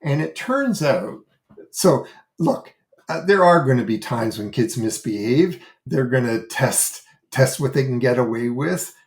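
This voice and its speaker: A man's voice: mid-range voice, expressive, a little slow. A man speaking as the guest expert in a podcast interview, explaining in an earnest, emphatic way. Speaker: guest expert on child behaviour.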